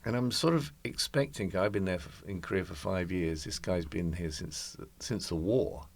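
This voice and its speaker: Gravelly, low-voiced man in his sixties. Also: normal speed. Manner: reflective, anecdotal storyteller. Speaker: guest. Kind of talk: conversational interview.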